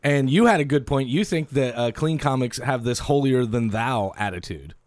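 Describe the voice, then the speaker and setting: A man hosting a casual podcast, a stand-up comic who rambles with fillers, laughs often and gets excitable. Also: medium pitch, normal speed, dry recording, studio quality. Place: indoor podcast room. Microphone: studio mic, also on camera.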